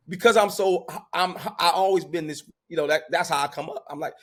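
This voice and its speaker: A man in his fifties telling a family story in casual talk, animated and loud when he quotes himself. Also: high voice, brisk, few pauses, husky. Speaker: podcast guest.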